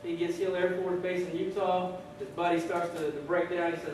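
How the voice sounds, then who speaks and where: A man giving a humorous storytelling speech at a ceremony, animated and often repeating words. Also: sits high, a little fast. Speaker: ceremony speaker. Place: ceremony hall. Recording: echoey hall, distant mic, background noise.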